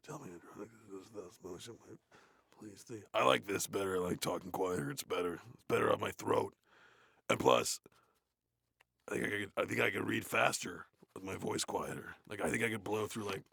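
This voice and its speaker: Cartoon role: a gruff, crude metal frontman with a sore throat, low gravelly growl, husky. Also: bright, forceful tone, no room sound, studio quality, heavily acted. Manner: bored, crude, swearing, mumbling asides. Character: gruff, grumbling male death metal frontman. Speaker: reader of a play. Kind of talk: comedic in-character reading.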